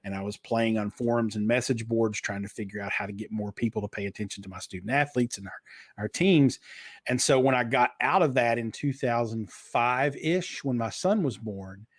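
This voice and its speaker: A man's voice: mid-range voice, normal speed, dry recording. A man in his fifties speaks with a slight Eastern Kentucky twang. His delivery is fluent and practiced, like a trained broadcaster telling stories in an interview. The sound is dry and close. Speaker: guest. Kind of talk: casual interview storytelling.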